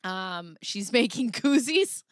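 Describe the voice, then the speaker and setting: A woman's voice: medium pitch, animated, takes it slowly, no echo, studio quality. A woman hosting a livestream in casual commentary, laughing often and reading viewer chat aloud. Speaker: livestream host.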